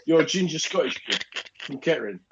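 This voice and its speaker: A stand-up comic co-hosts a casual podcast, teasing his friend in a wry, deadpan way. His pitch moves a lot, and the recording sounds a bit dull. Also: fairly quick, noisy background. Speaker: comedian and podcast co-host. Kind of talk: casual chat.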